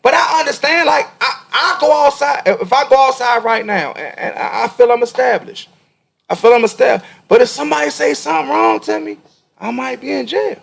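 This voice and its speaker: A man co-hosting a barbershop-style podcast, arguing loudly and emphatically, repeating his points for punch. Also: very high voice, animated, fairly quick, creaky. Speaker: podcast co-host. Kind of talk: heated barbershop debate. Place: cigar lounge.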